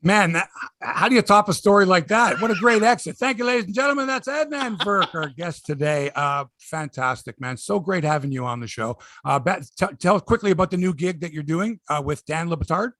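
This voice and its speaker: A man's voice: high voice, animated, a little fast, a bit bright, no echo. Upbeat podcast host man, dry sound. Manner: upbeat, wrapping up with thanks and plugs. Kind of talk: casual podcast chat.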